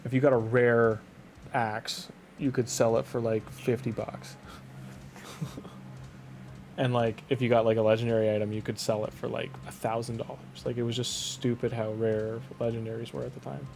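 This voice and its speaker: There's background noise as a young Canadian man chats on a game stream in a gravelly, medium-pitched voice with a level tone and moderate pace. His Canadian accent comes through while he rambles, restarts sentences often, and uses "like" constantly.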